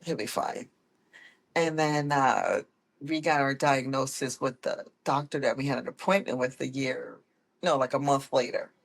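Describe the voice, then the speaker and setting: A woman guest telling her personal story in a casual, lively way, often correcting herself as she goes. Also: very deep voice, normal speed, creaky. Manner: animated, acts out quoted people with voice changes; laughs often, corrects herself mid-sentence. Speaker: guest, autism mom.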